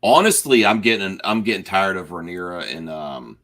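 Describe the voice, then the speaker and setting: A man chatting casually about a TV finale, animated and often restarting his sentences. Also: low-pitched, normal speed. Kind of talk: casual spoiler chat.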